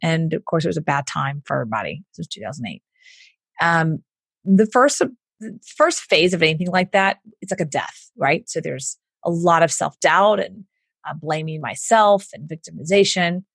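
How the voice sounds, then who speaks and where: Woman guest with a low voice, animated storyteller who mimics others, dry close sound. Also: moderate pace, gravelly, husky, no echo. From Southern United States. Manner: animated, acts out what others said, laughs often. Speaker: entrepreneur guest. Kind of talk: candid storytelling interview.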